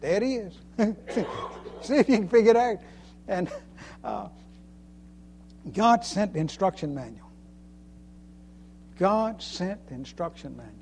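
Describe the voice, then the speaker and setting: A man's voice: sits high, lively intonation, unhurried, pauses often, darkish tone, a little hiss or hum. A man preaching a sermon in a folksy way, chuckling often and repeating phrases for emphasis. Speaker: preacher and Sunday school teacher.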